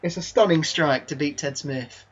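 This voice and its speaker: Over his own football game session, a gaming YouTuber swings between excitable exasperation and disbelief and calm talk about his team. He speaks at a moderate pace in a slightly high voice, through a slightly dull lo-fi mic.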